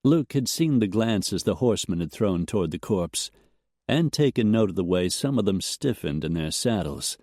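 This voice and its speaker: Expressive low-voiced male audiobook narrator. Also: normal speed, dry recording, clean studio sound.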